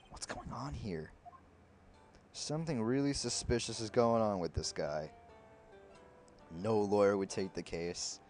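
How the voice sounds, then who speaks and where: A man's voice: on the low side, measured pace, long pauses, a little mellow, a little hiss or hum. Casual man commenting on a game. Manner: casual, swears offhandedly. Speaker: game streamer. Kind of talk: let's play commentary.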